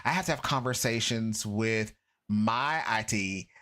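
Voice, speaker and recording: A man's voice: on the low side, a little slow. A middle-aged man, an educator turned consultant, chatting as a guest in an interview and acting out the people he quotes. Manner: lively storyteller who acts out quoted people. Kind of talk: casual interview chat.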